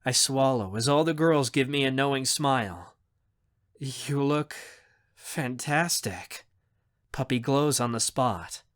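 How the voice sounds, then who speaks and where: A man narrating a young adult audiobook in the first person with an expressive reading. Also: medium pitch, normal speed, few pauses.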